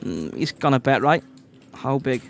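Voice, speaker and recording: A man with a Scouse accent giving live poker commentary on a stream, excitable and quick to shout when big cards fall. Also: mid-range voice, vocal fry, a little hiss or hum.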